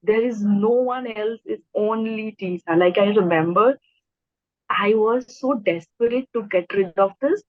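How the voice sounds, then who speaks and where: A woman's voice: mid-range voice, unhurried, dry recording. Young woman, stammers, casual interview guest; dull, dry recording. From India. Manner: stammers, repeats words, laughs easily.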